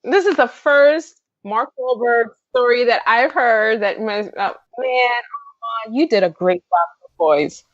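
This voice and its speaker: A woman with a Latin New York accent, guest-hosting a podcast and reading listener stories in an animated, excitable way. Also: fairly high pitch, slow pace, no echo. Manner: animated, excitable, laughs often. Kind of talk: casual chat, reading listener stories aloud. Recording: dull, dry home podcast recording.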